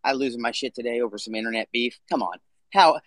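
A man's voice: medium pitch, fast, a bit bright, no echo. A man hosting a casual live audio chat, talking bluntly and swearing freely. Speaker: podcast host.

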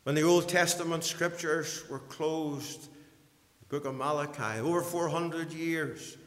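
A man preaching a sermon, swinging from hushed passages to loud, high bursts and repeating words as he builds up. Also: unhurried, in a large hall.

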